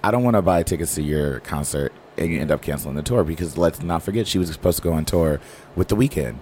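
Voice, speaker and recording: A man with a remarkably deep, dark, mellow voice and a morning rasp he hasn't warmed out of. He co-hosts a casual chat, sassy, gossipy and quick to joke. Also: slight background noise. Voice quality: raspy. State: early-morning unwarmed voice. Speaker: podcast co-host.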